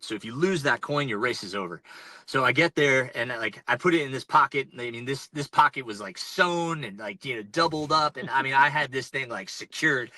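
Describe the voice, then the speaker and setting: A man in his forties from North Carolina, an ultrarunner telling race stories on a podcast in casual, animated fashion with lots of fillers and restarts, calling in from inside a truck. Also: medium pitch, dry recording, rough recording. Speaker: ultrarunner guest. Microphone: remote call-in.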